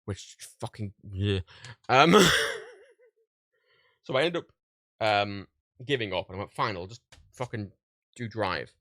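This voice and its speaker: A man's voice: fairly low pitch, expressive, slow pace, long pauses, sharp tone, no echo, studio quality. A man streaming live, telling a story in a casual, profane rant and acting out quoted exchanges in other voices. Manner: profane, exasperated ranting storyteller. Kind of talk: casual livestream chat.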